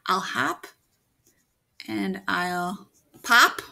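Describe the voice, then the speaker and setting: A woman's voice: fairly low pitch, completely flat delivery, extremely slow, pushed and bright, clean tone, heavily acted. A woman reading aloud the rhyming threats of a female frog in a made-up fairy tale, in a playful way.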